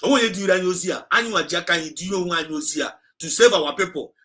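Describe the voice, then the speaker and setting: A man's voice: sits high, very fast, bright, forceful tone, rough recording. A man with a Nigerian accent hosting a livestream, speaking urgently and repetitively, mixing Igbo and English mid-sentence as he exhorts his listeners. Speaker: activist livestream host. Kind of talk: impassioned livestream address.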